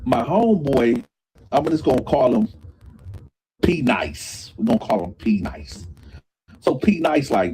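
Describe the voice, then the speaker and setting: A man recounts a jail story in slangy, profane street talk. His voice is husky and dark, with a mellow tone. He jumps into other people's voices as he tells it. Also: medium pitch, very animated, slow, long pauses, poor audio. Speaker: former inmate telling a jail story. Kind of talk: animated storytelling with acted-out quotes.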